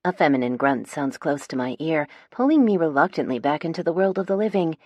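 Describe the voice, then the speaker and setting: A woman's voice: low-pitched, lively intonation, brisk, few pauses, darkish tone, no echo. A woman narrating a first-person romance audiobook in a wry, dramatic storytelling manner, on a close studio mic.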